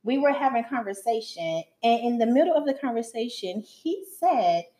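A woman co-host with a higher voice, chatting and telling a story casually on a podcast. Her delivery is relaxed and conversational. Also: normal speed. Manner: chatty storyteller, laughs easily. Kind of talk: casual chat.

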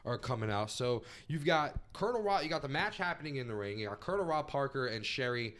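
A podcast co-host talking at an ordinary male pitch, recounting events in a loose, rambling way. He fills pauses with uhs and ums and swears casually. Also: animated, fairly bright tone. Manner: rambling, with many fillers and swearing. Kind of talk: casual chat recapping a wrestling event.

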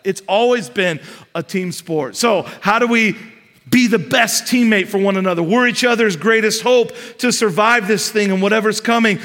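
A man's voice: high-pitched, a bit bright. A man preaching a sermon in a conversational style, building emphasis and adding casual asides. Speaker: pastor. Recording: long hall reverb.

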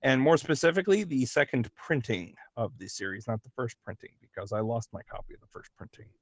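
A young man speaks as a guest on a casual podcast, deliberate and detail-minded with a dry edge. His voice is an ordinary pitch for a man, and the recording is close and dry with no room sound. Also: sing-song, no room sound. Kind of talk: casual chat.

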